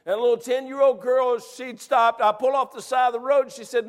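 High-voiced preacher in a reverberant hall. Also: male voice, fairly even intonation, a little fast, few pauses. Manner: emotional storytelling, rising to shouts. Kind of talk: sermon.

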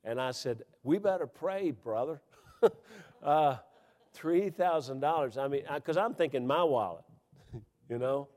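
A man preaching to his congregation in a lively, folksy way. His delivery climbs to loud, emphatic peaks and then drops to near-confiding murmurs as he tells personal stories. A long reverb from the church hall trails each phrase. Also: a little slow, pauses often. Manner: animated preaching with wide swings in pitch and loudness, folksy asides and chuckles. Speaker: pastor. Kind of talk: sermon.

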